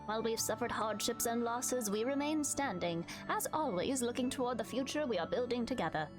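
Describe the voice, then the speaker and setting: A woman's voice: fairly high pitch, a little fast, over music, natural voice. A woman doing a serene older governor. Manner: calm, formal speechmaking.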